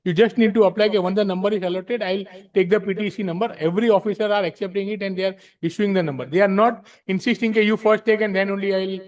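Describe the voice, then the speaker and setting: A man's voice: sits high, fairly even intonation, rapid-fire, few pauses. A man with an Indian English accent explaining rules to a study-circle audience, frank and emphatic, switching between English and Hindi. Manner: frank, emphatic, repeats himself. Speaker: speaker at a tax practitioners' study circle. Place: library meeting room.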